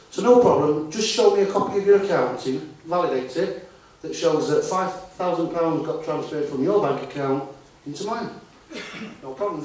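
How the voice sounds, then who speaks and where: This male conference speaker's voice is a little high with a darkish tone. He's chatty with the live audience, tossing tag questions at the room, captured far from the mic in a very echoey hall.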